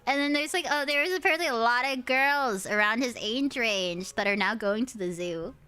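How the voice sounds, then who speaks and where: A young American woman streaming, chatting with her viewers in an animated, swearing storytelling manner. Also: a little high, normal speed, clear, resonant tone. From United States. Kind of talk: casual chat with viewers. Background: faint background music.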